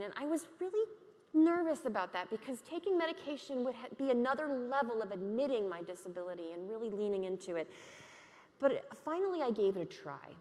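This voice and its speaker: A woman giving a candid, lively conference keynote, laughing along with her audience. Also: a little high, in a large hall. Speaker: keynote speaker. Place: conference hall.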